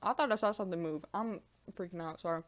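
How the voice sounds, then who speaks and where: A woman's voice: on the low side, quick pace. A young woman chatting casually in a vlog at home, rambling and swearing while she eats. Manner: profane, rambling, animated banter; talks while eating. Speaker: vlogger. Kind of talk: casual mukbang vlog chat.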